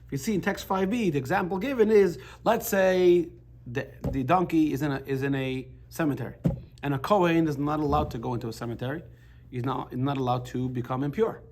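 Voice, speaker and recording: A man teaching a Torah class in a chatty, halting way, telling jokes and restarting his sentences. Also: on the high side, background noise.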